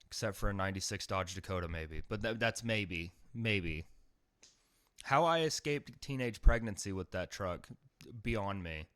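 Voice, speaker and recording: Deadpan man with sudden loud outbursts. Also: on the low side, measured pace, clear, resonant tone, no echo, studio quality. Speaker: podcast host. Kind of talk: comedic monologue.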